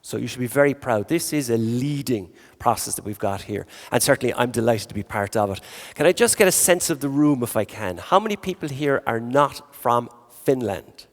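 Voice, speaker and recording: A man's voice: mid-range voice, expressive, fairly quick, hardly any pauses. Joking Irish man hosting on stage. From Ireland. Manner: jokey, chatty, works the crowd. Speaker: panel moderator. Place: large conference hall. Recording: long hall reverb.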